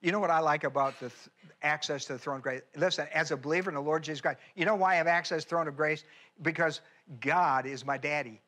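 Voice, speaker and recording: A man's voice: on the high side, steady tone, racing, sharp tone. A man preaching a sermon as pastor, folksy and emphatic, with chatty asides and repeated phrases. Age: older.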